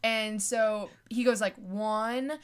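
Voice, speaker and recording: A woman's voice: mid-range voice, a little fast. A young woman, a podcast guest, chatting casually and telling stories with lots of giggles and fillers. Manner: giggly, animated storyteller, many fillers. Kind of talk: casual chat.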